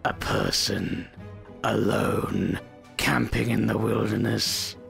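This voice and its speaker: A man's voice: on the low side, level tone, slow pace, gravelly, fairly bright tone, faint music behind. A man giving comedic VR gameplay commentary, playful and rambling, slipping into silly voices. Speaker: gaming YouTuber.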